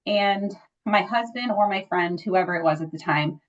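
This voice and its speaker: A woman talks through a personal story in a relaxed, chatty way, full of little fillers. She has a mid-range voice. The audio sounds a bit dull and lo-fi. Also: medium pitch, moderate pace. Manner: chatty, frequent "like" and "you know" fillers; animated when acting out quoted dialogue. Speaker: interview guest sharing a birth story. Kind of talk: casual conversational storytelling.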